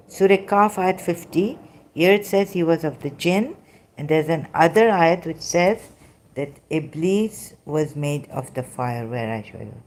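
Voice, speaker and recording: A woman talks through scripture verses in an informal lecture, pausing often to search for her next point. Her English has non-native phrasing. Her voice sits low and mellow, and she moves slowly. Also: animated, a little hiss or hum. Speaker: religious critic presenting scripture.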